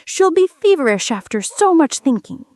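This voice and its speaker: A woman's voice: high-pitched, big pitch swings, normal speed, a little mellow, dry recording, clean studio sound, voice pushed up. A woman voicing a bossy, self-important queen who lectures in a stiff, instructive way. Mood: lecturing.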